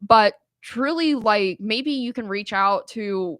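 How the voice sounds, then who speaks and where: A woman as a podcast guest, telling stories in an animated, casual way with lots of "like" and laughter. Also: mid-range voice, slow, no room sound. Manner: animated storytelling, frequent "like" and laughter. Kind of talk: casual chat.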